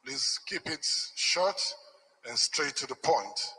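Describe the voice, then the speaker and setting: A man's voice: medium pitch, expressive, slow, bright, forceful tone, husky, rough recording. A man moderating a press conference, hesitant and full of fillers.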